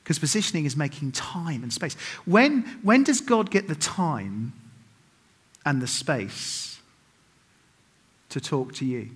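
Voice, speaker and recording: A man's voice: fairly high pitch, sing-song, slow pace, pauses often, husky. A middle-aged man preaching a sermon at a church service, telling stories with humor and making self-mocking asides to the congregation. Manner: humorous storytelling with acted quotes.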